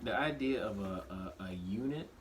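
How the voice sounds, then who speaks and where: A man in his thirties with a low, grounded voice talks through his thoughts in a shop, circling back and restarting sentences as he goes. A steady background noise sits under everything he says. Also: normal speed, low-quality recording. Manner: reflective, restarts often, animated when quoting himself. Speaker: podcast co-host. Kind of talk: casual conversation.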